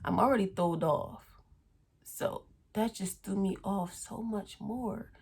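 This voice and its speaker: A woman's voice: mid-range voice, slow, gravelly, background noise. A young adult woman telling a personal story in a casual vlog, blunt and full of swearing. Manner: blunt, profane, chatty storytelling. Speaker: vlogger.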